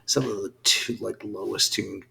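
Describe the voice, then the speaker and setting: A man's voice: lowish voice, level tone, moderate pace, gravelly. A man co-hosting a music podcast, casually enthusiastic as he announces awards. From Southern Ontario. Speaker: podcast co-host.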